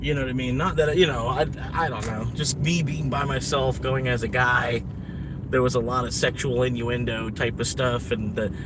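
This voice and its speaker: A man's voice: mid-range voice, fairly even intonation, normal speed, background noise. Rambling man live-streaming from his car. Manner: rambling, laid-back, full of fillers. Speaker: delivery driver streaming live. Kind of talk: casual live-stream chat. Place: inside a car on delivery runs.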